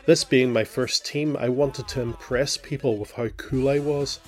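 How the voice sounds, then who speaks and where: A middle-aged man from Northern Ireland hosting his own show, reading a scripted personal account in a measured, reflective way. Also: mid-range voice, fairly even intonation, soft background music. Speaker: podcast host.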